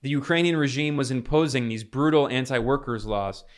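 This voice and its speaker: A man's voice: medium pitch, fairly quick. A man delivering a polemical political commentary monologue, emphatic, with frequent restarts.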